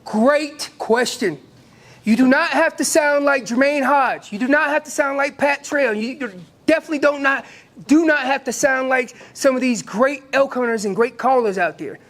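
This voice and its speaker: A man with an American accent teaching an elk calling seminar, lively and acting out what the elk would say. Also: very high voice, moderate pace. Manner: animated, acts out elk calls and voices. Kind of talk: hunting seminar talk.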